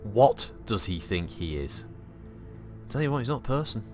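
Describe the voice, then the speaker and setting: A man's voice: mid-range voice, very animated, moderate pace, over music, voice pushed up, natural voice. A man doing a put-on Irish accent, voicing a foul-mouthed, paranoid Irish man who mutters suspicious rants like a sitcom character. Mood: grumbling suspicious.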